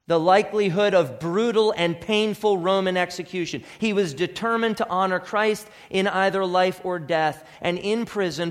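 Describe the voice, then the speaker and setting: Brief: middle-aged male pastor, fairly high voice, earnest conversational sermon, long church reverb. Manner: earnest, conversational preaching with rhetorical questions. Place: church sanctuary.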